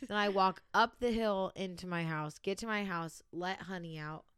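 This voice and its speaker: A woman's voice: on the low side, steady tone, moderate pace, fairly bright tone, clear, resonant tone, no echo, clean studio sound. A tired young woman co-hosting a podcast, telling a long rambling story in casual chat with lots of "like"s. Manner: rambling, run-on storytelling with many "like"s. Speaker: podcast co-host.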